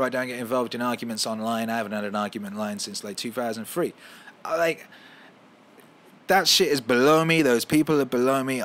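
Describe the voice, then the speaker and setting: A man hosting a casual podcast at home, ranting with heavy swearing and loud heated outbursts. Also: medium pitch. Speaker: podcast host.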